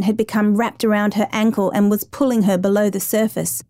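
A woman narrating a dramatic true rescue story in a measured, suspenseful reading. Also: mid-range voice, flat delivery, mellow, no echo.

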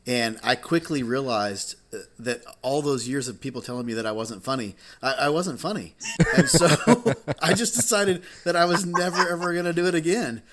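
A man's voice: medium pitch, normal speed. A man who is a pastor, co-hosting a podcast, talking casually and laughing often as he tells stories. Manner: animated, laughs often, repeats words.

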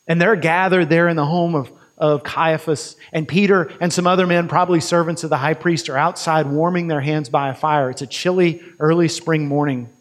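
A man's voice: on the high side, steady tone, long reverb tail. Man preaching a vivid story. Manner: vivid retelling with quick restarts. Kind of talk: storytelling sermon.

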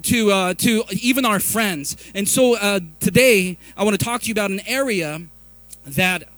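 A middle-aged man preaching a sermon in an animated, confessional way, telling stories and restarting often. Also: high voice, normal speed, dry recording. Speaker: pastor.

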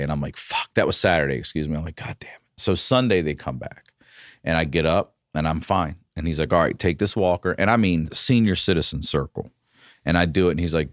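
A man, a comedian guest on a podcast, telling a story in a casual, profane and animated way. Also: low-pitched, no room sound, clean studio sound.

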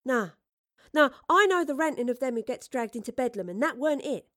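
A woman's voice: high voice, expressive, fairly quick, a bit bright, no room sound, clean studio sound, pitched above the performer's own voice. A woman voicing a feisty, streetwise young girl with a blunt, defiant way of talking. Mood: challenging.

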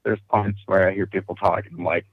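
A man's voice: low voice, little pitch movement, fairly quick, vocal fry, breathy edge, no echo. A laid-back man co-hosting a casual podcast chat. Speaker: podcast co-host. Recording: tinny phone-like audio, dry.

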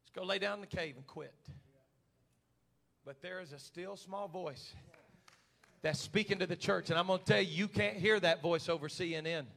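A male pastor, preaching a fervent sermon to his church and swinging between loud shouted calls and quiet, close prayer. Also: high-pitched, normal speed, creaky. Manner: preaching with rising shouted fervor. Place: church sanctuary.

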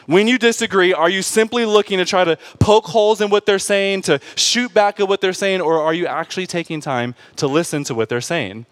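Male pastor, fairly high voice, casual preaching style, jokes, constant "right?" check-ins. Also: brisk, few pauses, a bit bright. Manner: keeps asking the congregation "right?" and "okay?"; informal and joking, with asides to the congregation. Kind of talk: conversational sermon.

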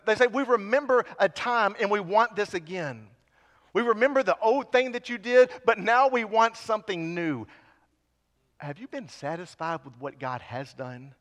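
In a church sanctuary full of long hall reverb, a pastor preaches at a moderate pace, his voice sitting high and a bit bright. His fervent, pleading sermon grows steadily more intense.

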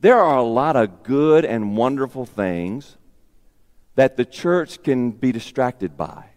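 A man's voice: mid-range voice, lively intonation, slow, darkish tone, in a large hall. A man preaching a sermon as pastor, emphatic and repeating his key phrases.

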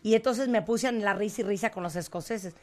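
A Mexican woman with a Mexican Spanish accent, hosting a lively interview and switching between languages in a playful way. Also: medium pitch, quick pace. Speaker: TV host.

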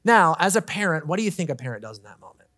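A man's voice: a little high, sing-song, rapid-fire, fairly bright tone, no echo, clean studio sound. A man in his thirties preaching a sermon as a pastor, earnest and conversational, telling personal stories. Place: church stage.

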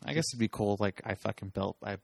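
A man's voice: on the low side, fast, gravelly, dry recording. A man chatting casually, laid-back and a little unsure, mostly giving short replies. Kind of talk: casual chat.

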